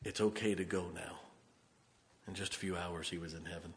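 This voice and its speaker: A pastor with a low, steady voice preaches at a normal pace in a church sanctuary, where a long reverb tail follows his words. He tells a story and then rises into emphatic urging of the congregation.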